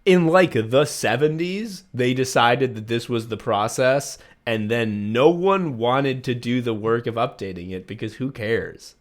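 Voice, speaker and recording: A man's voice: medium pitch, lively intonation, a little slow, hardly any pauses. Podcast co-host, male, swearing and rambling through an anecdote. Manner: rambling, profane anecdote-telling with many fillers. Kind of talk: casual chat, telling a travel story.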